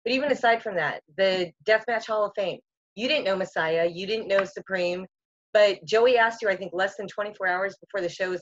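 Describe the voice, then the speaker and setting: A woman's voice: medium pitch, moderate pace, dry recording, lo-fi sound. A woman on a casual group video call, effusive and swearing freely. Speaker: wrestling school staff.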